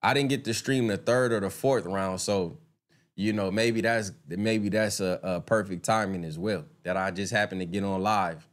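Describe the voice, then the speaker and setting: A man's voice: fairly low pitch, steady tone, moderate pace. Fired-up casual streamer man. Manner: chatty, addresses viewers, swears freely; gets heated and indignant when ranting. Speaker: live streamer. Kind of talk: casual live-stream commentary.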